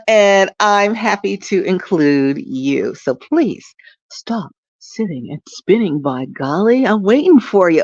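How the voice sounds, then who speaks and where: In this casual direct-to-camera vlog, a traffic reporter and streaming host speaks in a low voice, rambling cheerfully and laughing often while lying down at home with a phone or webcam. The recording has no echo and its high frequencies are cut off.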